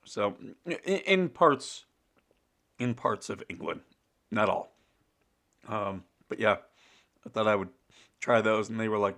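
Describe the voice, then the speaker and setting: A man's voice: lowish voice, slow, pauses often, a bit bright. A middle-aged man from the US, hosting a casual morning livestream, rambling with fillers and frequent chuckles. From United States. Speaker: show host.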